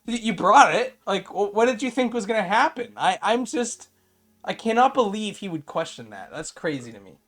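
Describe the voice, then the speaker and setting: A man co-hosting a casual review chat, animated and exasperated, with lots of fillers and restarts. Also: high voice, moderate pace. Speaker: podcast co-host.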